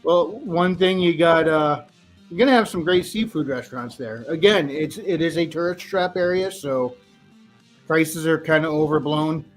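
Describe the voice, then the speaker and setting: A man's voice: a little high, moderate pace, faint music behind. A man from New England in casual group chat, telling stories in an easygoing way. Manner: easygoing storyteller. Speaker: co-host.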